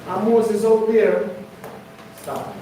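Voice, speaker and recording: A man's voice: high-pitched, fairly even intonation, drawn-out words, mellow, slight background noise. A man preaching to his congregation, emphatic and conversational, often putting questions to the listeners. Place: congregation hall. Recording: echoey room, mic far off.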